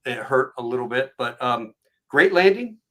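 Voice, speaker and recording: A middle-aged man hosting a podcast, telling stories in a casual, animated way and acting out the voices of the people in them. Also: mid-range voice, normal speed. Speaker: podcast host. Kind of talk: casual storytelling chat.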